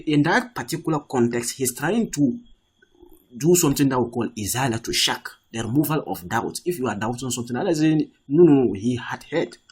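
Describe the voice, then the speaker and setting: Male Arabic tutor, slightly raspy tone, methodical and repetitive delivery. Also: mid-range voice, a little mellow. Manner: patient, repeats and rephrases each point. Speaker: Arabic teacher. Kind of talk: language lesson, translating line by line.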